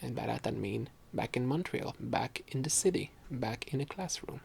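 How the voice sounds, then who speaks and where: Gravelly young man. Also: mid-range voice, lively intonation, normal speed, darkish tone, a little hiss or hum. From Quebec, Canada. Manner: rambling, giggly, self-correcting. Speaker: podcast host and student. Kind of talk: casual solo chat.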